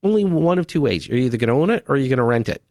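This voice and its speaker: A man's voice: mid-range voice, very animated, racing, darkish tone, no room sound, studio quality. A man hosting a radio talk show, chatty and joking with his guests.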